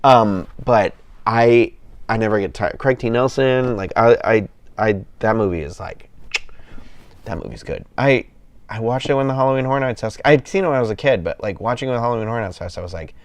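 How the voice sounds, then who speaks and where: A man hosting a relaxed livestream from home, rambling and enthusiastic, with plenty of fillers and false starts. His voice sits fairly low and sounds tired, and the sound is dry and close with no room echo. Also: fairly quick. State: yawning, tired. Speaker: livestream host. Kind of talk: casual livestream chat.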